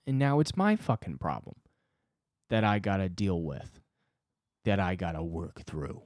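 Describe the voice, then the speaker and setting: Agitated young man ranting, swinging pitch. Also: lively intonation, moderate pace, darkish tone, no room sound, clean studio sound. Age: 20s. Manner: agitated, profane ranting with sudden pitch jumps. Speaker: podcast host. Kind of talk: solo comedy podcast rant.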